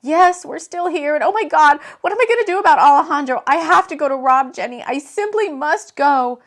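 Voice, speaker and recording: A woman's voice: high-pitched, lively intonation, fairly quick, voice pushed up. A woman voicing a young female pop star, talking in a frantic, tearful way.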